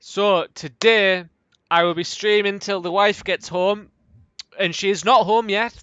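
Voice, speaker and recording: A young man streaming a game with loud outbursts, swearing and snatches of sung pop songs. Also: high-pitched, fairly even intonation, unhurried, clean tone, dry recording, dull audio. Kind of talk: casual gaming livestream chatter.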